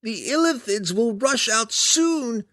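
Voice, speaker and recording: A man voicing a huge male hook horror monster in an audiobook, speaking in a strained, booming, unnaturally high voice. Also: animated, takes it slowly, fairly bright tone, no echo, studio quality, full character voice. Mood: urgent warning.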